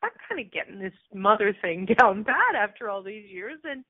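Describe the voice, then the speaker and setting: A woman's voice: mid-range voice, sing-song, normal speed, no room sound. A middle-aged woman hosting a radio talk show, telling a personal story in a candid, chatty way, teary at times. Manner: candid, chatty, emotional, frequent fillers. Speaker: radio show host and coach. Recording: tinny phone line.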